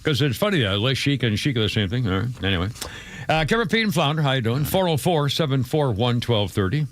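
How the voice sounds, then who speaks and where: A man's voice: mid-range voice, sing-song, fast. An older man hosting a talk radio show, rambling loosely through a live-read ad and studio chat full of fillers and asides.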